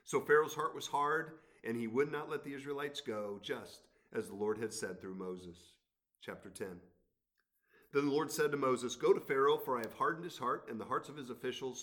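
An earnest male Bible teacher works through scripture, reading passages aloud and adding his own commentary. His voice sits in an ordinary middle register, and his delivery is steady and expository. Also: medium pitch.

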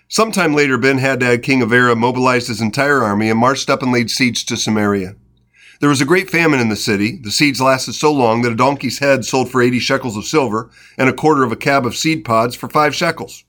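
A man reading scripture aloud in an unhurried, reflective way, pausing for short spontaneous comments and prayer. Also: medium pitch, a bit bright. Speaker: devotional Bible reader. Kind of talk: scripture reading with devotional asides.

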